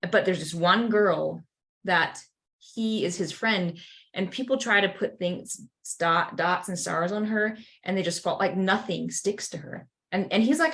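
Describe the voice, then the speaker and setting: A woman co-hosts a laid-back faith podcast, speaking in a fairly low voice at a slightly slow pace. She tells an animated story packed with fillers, especially "like," and puts on little character voices as she goes.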